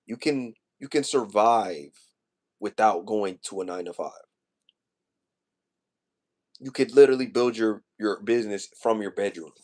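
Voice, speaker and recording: A man's voice: on the low side, a little slow, long pauses, darkish tone. A young man in his twenties rants casually to his livestream chat. He talks in loose slang, circles back over the same points and sounds emotional as he vents. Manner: casual slangy rant, repeats himself, emotional. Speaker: streamer.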